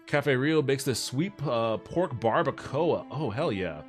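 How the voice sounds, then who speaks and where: A man's voice: mid-range voice, animated, unhurried, faint music behind. Laid-back swearing man streaming. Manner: laid-back and profane, reads chat aloud and answers it. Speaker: livestreamer chatting with viewers. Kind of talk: casual livestream chat.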